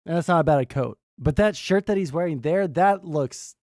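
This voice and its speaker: A man with a fairly high voice talks through a casual stream reaction. He rambles, swears freely and drifts off in the middle of sentences, and the sound is dry and close. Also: normal speed, a little mellow, no room sound. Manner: rambling, profane, trailing off.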